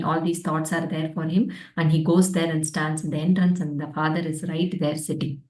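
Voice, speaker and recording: A woman's voice: low voice, little pitch movement, normal speed, few pauses. Reflective woman teaching a class. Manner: reflective, searching for words, gentle. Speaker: spiritual study group teacher. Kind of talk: storytelling scripture class. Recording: roomy sound from a distant mic.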